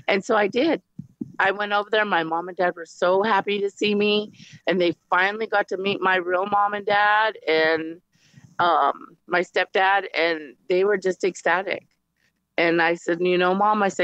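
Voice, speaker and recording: Woman, storytelling testimony, quotes what everyone said, dry close sound, a bit dull and lo-fi. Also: no room sound. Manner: retells conversations with lots of "I go, she goes" quoting; animated, jumps high in pitch when quoting surprise. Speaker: interviewee sharing her faith testimony. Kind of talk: personal storytelling. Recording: dull, slightly lo-fi dry recording.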